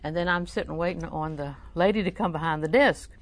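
An older woman teaching a sermon through personal stories, talking conversationally and often dropping to a soft, near-whispered voice. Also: lowish voice, fairly quick. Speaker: Christian teacher.

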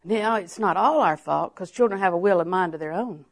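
An older woman preacher giving a sermon, telling homely stories and then rising into emphatic, drawn-out exhortations. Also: lowish voice. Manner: folksy storytelling that rises to emphatic, drawn-out exhortation.

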